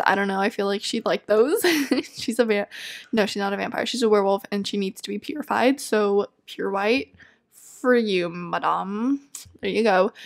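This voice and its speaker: A young woman giving casual gameplay commentary, chatty and easily exasperated, laughing often. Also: on the high side. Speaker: let's play gamer.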